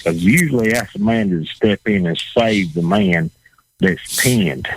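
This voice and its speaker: Appearing as a guest on a casual talk show, a Southern-accented former bull rider speaks bluntly, curses, and keeps repeating himself. His lowish voice is animated yet unhurried, on a low-quality recording with a little hiss or hum.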